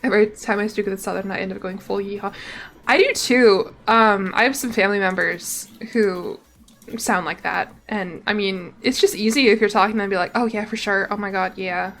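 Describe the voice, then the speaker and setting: A woman's voice: mid-range voice, brisk, fairly bright tone. A woman from Tennessee with a Southern accent, streaming a strategy game, chatting to viewers and reading event text aloud with wry asides.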